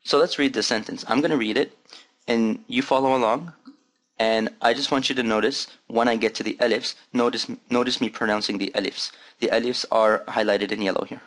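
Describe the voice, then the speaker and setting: A man's voice: mid-range voice, steady tone, a little fast, fairly bright tone. A man teaching a lesson, patiently demonstrating and repeating sounds. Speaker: Arabic teacher. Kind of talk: recorded language lesson.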